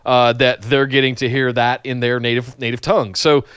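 A man's voice: medium pitch, little pitch movement, moderate pace, fairly bright tone, clean tone, no echo, highs cut off. A man from South Carolina co-hosting a wrestling podcast, chatting enthusiastically in a casual chat.

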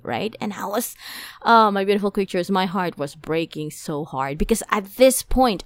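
A young adult woman with a mid-range voice, recorded without echo, hosts a podcast. In a casual storytelling monologue she shares a personal story in a chatty, emotional way, using many fillers.

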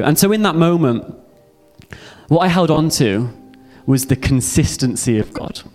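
A man's voice: a little high, expressive, a little slow, a little mellow, faint music behind. A young man giving a heartfelt personal testimony sermon to a youth audience. He speaks earnestly and repeats phrases for emphasis.

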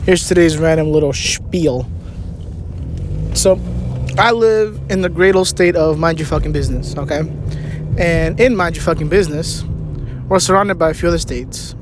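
A man's voice: fairly high pitch, moderate pace, long pauses. A man telling a rambling, profane, joking story while sitting in his car. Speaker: vlogger. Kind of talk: casual storytelling rant. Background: car engine noise.

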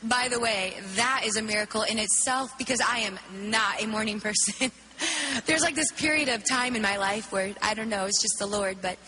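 A woman giving an animated spoken testimony, acting out her own reactions as she tells the story. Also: a little high, normal speed, big-room sound, slight background noise. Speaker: worship leader telling a testimony.

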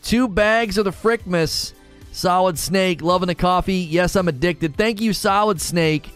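A man chatting casually on a livestream, animated, ranting and laughing often. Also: high-pitched, unhurried, smooth, soft background music. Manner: animated, rants and laughs a lot. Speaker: streamer.

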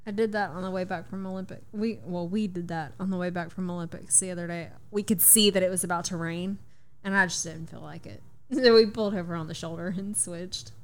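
A woman's voice: lowish voice, fairly even intonation. A woman talks casually as a podcast guest. She chats easily and laughs often as she adds her own stories. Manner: chatty, quick to laugh. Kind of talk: casual chat.

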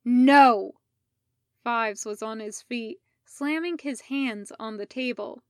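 A woman reading a fan fiction story aloud as narrator, slow and deliberate. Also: on the high side, clear, resonant tone, no room sound, clean studio sound. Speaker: podfic reader.

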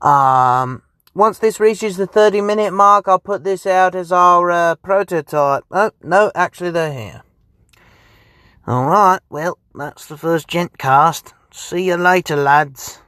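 A man's voice: high-pitched, slow pace, bright, forceful tone, no echo, studio quality. A young man rambling and swearing in a casual podcast monologue, recorded sitting inside his parked car. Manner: profane, rambling, laughs often. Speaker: podcast host.

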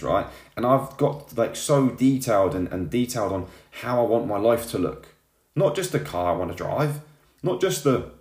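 Speaking with a medium pitch and a somewhat dark tone, this man is a motivational vlogger delivering a fired-up monologue to camera. He keeps tacking "yeah?" and "right?" onto his lines, and the room around him echoes.

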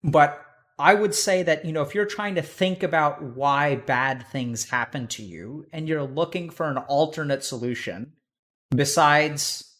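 Male advice host, slightly higher voice, blunt and casual, swears, storytelling with voices. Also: a little slow, fairly bright tone. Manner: blunt, swears freely, tells stories with acted-out voices.

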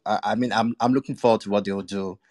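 A man giving a measured, diplomatic film review on a podcast panel, with frequent pauses and fillers. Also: lowish voice, steady tone, darkish tone, no echo, studio quality. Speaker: panel guest. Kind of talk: casual panel chat.

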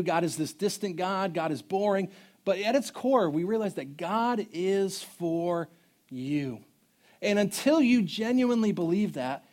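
A man in his thirties preaching a sermon as pastor, telling stories in a conversational, humorous way. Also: high-pitched. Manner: storytelling, conversational and animated with humor.

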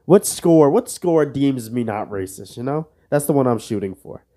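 Animated young man, mellow voice. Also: medium pitch, moderate pace. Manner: joking, self-mocking, breaks into laughs; swears under his breath at quiz answers. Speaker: podcast host. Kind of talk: casual solo podcast banter.

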